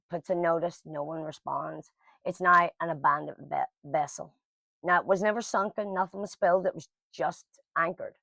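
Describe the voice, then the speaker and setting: A woman's voice: on the low side, gravelly, dry recording. A middle-aged woman telling a personal story to camera in a casual, blunt and emotional way. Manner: emotional, blunt, lively quoting of others.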